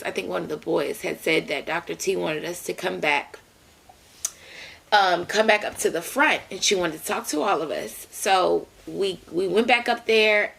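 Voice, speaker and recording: A young adult woman vlogger telling a story casually, in an animated way with lots of fillers and repeated words. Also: fairly low pitch, gravelly.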